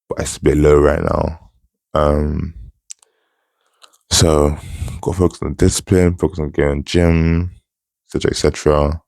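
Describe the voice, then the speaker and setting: Very deep, gravelly monotone man. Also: no room sound, studio quality. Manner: monotone, low-key. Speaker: channel host. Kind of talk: casual solo vlog chat.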